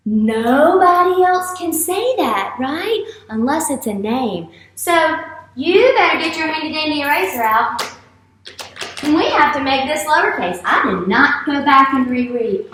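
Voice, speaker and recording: Animated woman teacher in an echoey room. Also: high-pitched, measured pace, slight background noise. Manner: animated, playful, exaggerated teacher voice. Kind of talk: classroom morning message to young students.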